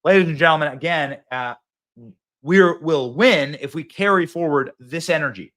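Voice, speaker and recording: A man's voice: fairly high pitch, moderate pace, fairly bright tone. Hyped man hosting a political show. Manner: hyped, rallying, talks straight to viewers. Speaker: show host.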